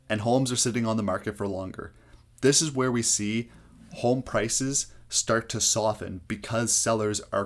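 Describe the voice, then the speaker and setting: A man explaining housing market math step by step, talking to viewers with frequent "uh" fillers. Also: on the low side. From Canada. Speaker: real estate agent explaining market math. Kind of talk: explainer video to camera.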